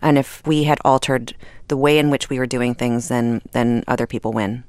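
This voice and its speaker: A middle-aged actress chatting as a radio interview guest, rambling with fillers and restarts and laughing often. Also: female voice, a bass voice, fairly even intonation, normal speed, darkish tone, no echo. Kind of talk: casual interview conversation.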